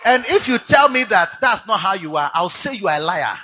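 A Ghanaian man preaching a sermon to a church conference, dropping to low asides and rising to loud shouts, mixing English with Twi phrases. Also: very animated, a little fast, soft background music. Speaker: pastor. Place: church conference hall with a congregation.

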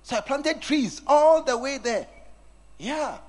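Man preaching, high voice, lively swooping pitch, teasing the congregation. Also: slow pace. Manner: animated, teasing, acts out scenes with the congregation. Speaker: pastor. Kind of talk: sermon.

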